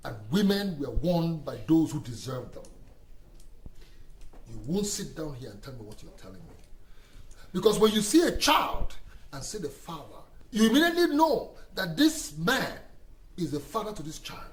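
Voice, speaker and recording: An opinionated man holding forth to his friend, his pitch climbing high and swinging widely as he drives each point home. He talks in lecturing, rhetorical bursts in a film scene. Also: sing-song, normal speed, long pauses, rough recording. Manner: lecturing, rhetorical, rises into emphatic peaks. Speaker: friend in a men's discussion. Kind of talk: Nollywood film acting.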